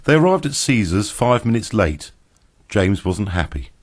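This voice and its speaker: Low voiced guy reading an audiobook, steady and even. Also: unhurried. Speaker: narrator. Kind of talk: audiobook narration.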